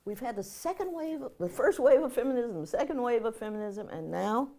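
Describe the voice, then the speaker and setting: A woman professor giving a public lecture, telling stories in a lively way and leading the audience in chanting. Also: a little high, brisk.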